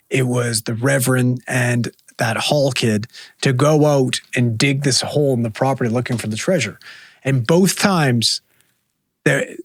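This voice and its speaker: A man's voice: mid-range voice, dry recording, studio quality. A man co-hosting a podcast, casually retelling a ghost story and swearing now and then. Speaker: podcast co-host.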